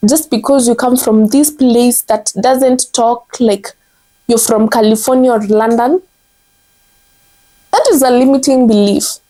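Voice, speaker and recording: A woman's voice: a little high, mellow. Kenyan woman giving an earnest vlog talk. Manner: earnest, self-correcting restarts, frequent "like". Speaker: content strategist.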